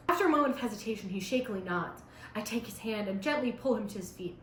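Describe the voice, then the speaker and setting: A woman's voice: medium pitch, animated, fast talker, slight background noise. A teenage girl reading her old fan story aloud, breaking off for sarcastic, chatty asides. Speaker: vlogger. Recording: roomy echo.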